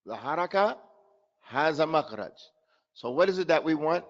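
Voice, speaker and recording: A man teaching Quran pronunciation in an online class, slowly demonstrating sounds and repeating syllables for his students. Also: on the high side, expressive, dull audio. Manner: chuckles at his own trick questions.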